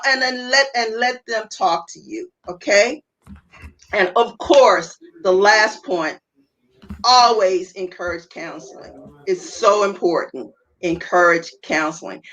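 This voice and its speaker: A woman's voice: medium pitch, a bit bright, low-quality recording. A woman speaking as a panel guest over a video call. She talks earnestly, repeats her key phrases and restarts often. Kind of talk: earnest advice talk.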